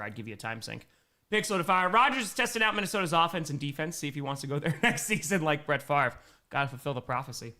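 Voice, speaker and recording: A young man with an Upper Midwest American accent, hosting a live football stream from home, calling plays and reading chat comments. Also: fairly high pitch. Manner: energetic, calls plays and reads chat comments. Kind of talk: live play-by-play and chat reactions. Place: home room.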